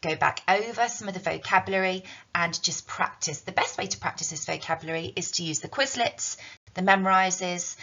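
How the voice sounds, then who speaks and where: A woman's voice: low voice, gravelly, a bit bright. A woman teaching a recorded language lesson, explaining patiently with frequent ums. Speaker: Spanish teacher. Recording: dull lo-fi recording.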